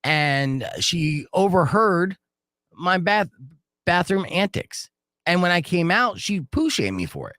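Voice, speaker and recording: A man hosting a radio morning show, telling stories casually in a joking, animated way and running a call-in game. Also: high-pitched, slow, dry recording. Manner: animated, joking, acts out quoted voices. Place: radio studio. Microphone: studio microphone.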